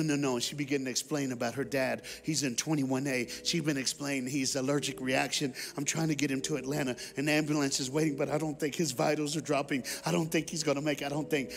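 A man guest-preaching at a church service, telling stories and calling on the congregation to respond, swinging from shouts to hushed tones. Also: on the high side. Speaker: guest speaker. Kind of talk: sermon.

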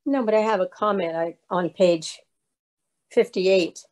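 A woman's voice: mid-range voice, unhurried, a little mellow. Woman student chiming in on a video call. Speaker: class participant. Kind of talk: casual comment in an online class.

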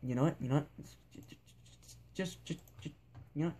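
A man's voice: fairly high pitch, moderate pace, dark tone, slightly rough. A young man giving goofy, rambling commentary while playing a sandbox game, talking to himself and the characters on screen. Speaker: gameplay video maker. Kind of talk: casual gameplay commentary.

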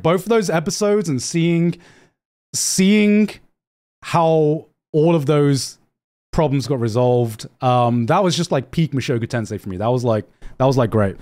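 Young man, casual stream rant, high voice, slow delivery, excitable, swearing. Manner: excitable, swears a lot, repeats himself. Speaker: anime streamer. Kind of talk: animated casual ranting.

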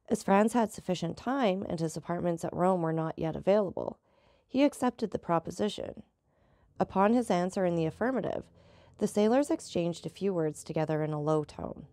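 A woman narrating a classic novel in a measured storytelling manner. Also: fairly low pitch, animated, warm tone, no echo, clean studio sound. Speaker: audiobook narrator. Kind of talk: scripted narration.

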